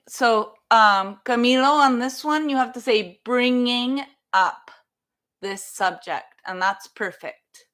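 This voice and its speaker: A woman teaches English in a live online lesson, explaining phrasal verbs slowly and carefully while encouraging her students. Her voice is fairly high-pitched and fairly bright.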